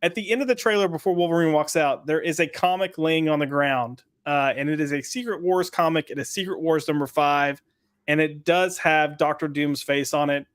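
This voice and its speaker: A man's voice: fairly high pitch, a little fast, clear, resonant tone. A man hosting a podcast in casual chat, reading out live chat comments in a loose, rambling way with lots of fillers. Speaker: podcast host.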